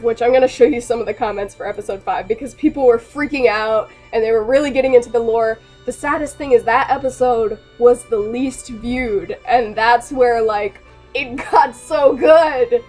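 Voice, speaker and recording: Excitable young woman ranting casually. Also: on the high side. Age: young adult. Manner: excitable, rambling, laughs often. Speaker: animator and vlogger. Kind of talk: casual rant to camera.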